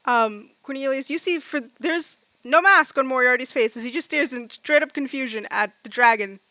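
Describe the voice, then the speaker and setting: A woman narrating as game master, chatting loosely with lots of fillers and acting out quick bits of her characters. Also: high voice, sharp tone, no room sound. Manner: chatty, many fillers, acts out side characters.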